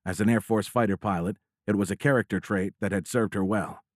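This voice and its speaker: A man narrating a military science fiction audiobook in a steady, measured storytelling voice. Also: fairly low pitch, dry recording, studio quality.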